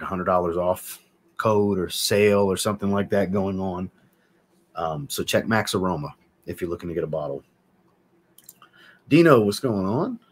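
A man's voice: lowish voice, a bit bright. A man hosting a casual live stream, chatty and enthusiastic, reading out viewers' comments and answering them. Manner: chatty, enthusiastic, reads out chat names. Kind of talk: casual livestream chat.

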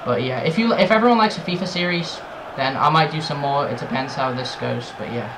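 A young man doing loud gameplay commentary for a football video game, swearing and shouting at the players. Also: fairly high pitch, brisk, background noise. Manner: excitable, swears a lot, yells at the game. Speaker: gaming YouTuber. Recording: game music playing behind. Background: soccer game music and commentary.

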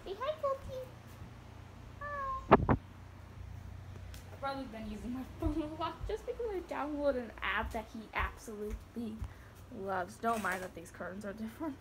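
A woman's voice: on the high side, moderate pace, heavy background noise. A woman giving a rambling, giggly home-tour vlog, recorded on her phone indoors. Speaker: vlogger.

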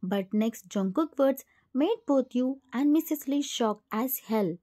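A woman reading a second-person fan fiction story aloud in a steady, plain storytelling voice. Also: sits high, measured pace.

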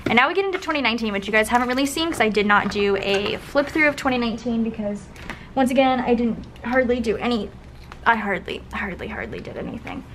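Gushing young woman vlogger, slightly high. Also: lively intonation, quick pace, fairly bright tone. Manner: gushing, breathy asides while paging through. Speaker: planner vlogger. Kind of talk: casual flip-through commentary. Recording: faint background noise.

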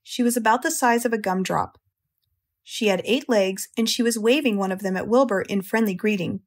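An American woman narrating a children's audiobook in a slow, clear, gentle way. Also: mid-range voice. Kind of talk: storybook narration.

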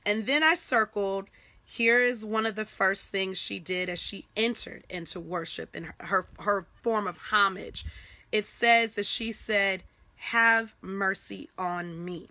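A woman leading a devotional Bible study speaks in a bright, forward voice, recorded dry and close with no room sound. She teaches in a conversational, encouraging way. She checks in often and restarts phrases as she works through her thoughts. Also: medium pitch, a little slow, no echo. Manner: conversational and encouraging, with frequent "okay?" asides; repeats words and restarts as she thinks aloud.

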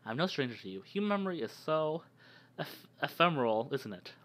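A man with a cold, reading the lines of a smooth, patronizing masked gentleman in a top hat from a game. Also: on the high side, very animated, a little fast, background noise. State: sick with a cold.

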